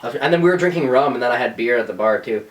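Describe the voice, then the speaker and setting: A man's voice: medium pitch, fast talker, recorded from a distance. A man co-hosting a podcast in casual chat, telling stories with lots of swearing and put-on voices. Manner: swears a lot, animated storytelling with voices. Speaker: podcast co-host.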